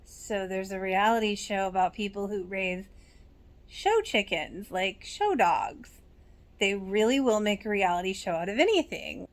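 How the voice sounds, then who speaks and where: A woman casually recapping and reacting to a TV episode, chatty and quick to laugh. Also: medium pitch, lively intonation. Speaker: reaction channel host.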